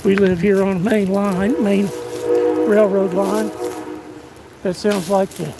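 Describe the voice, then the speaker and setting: This 60-something vlogger has a high, level, creaky voice and takes things slowly, chatting in a rambling, folksy, self-deprecating manner while short of breath. He's livestreaming outdoors in rural woods, with heavy background noise, outdoor ambience, and a train going by.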